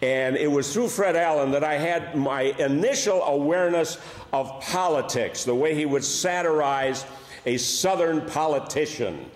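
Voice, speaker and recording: An older comedian from Buffalo, New York, speaking with that city's accent, tells wry stories that land on dry punchlines. His voice sits fairly high and moves at a measured pace. The recording comes from a large church hall, echoey with a long reverb.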